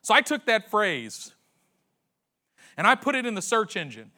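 A man preaching a sermon, retelling a story with slangy acted-out voices and dramatic pauses. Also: sits high, wildly swooping pitch, bright, forceful tone. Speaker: pastor.

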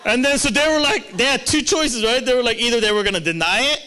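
Male pastor, storytelling sermon, lively delivery, bright forceful voice. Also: very high voice, fast talker. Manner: animated, swings from loud to hushed.

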